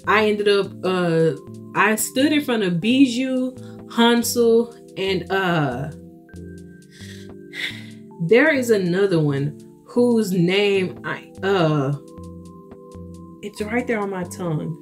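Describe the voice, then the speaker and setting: A young adult woman telling a casual storytime vlog, animated and gushing, breaking into giggles. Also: medium pitch, slow pace, pauses often, faint music behind. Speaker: vlogger.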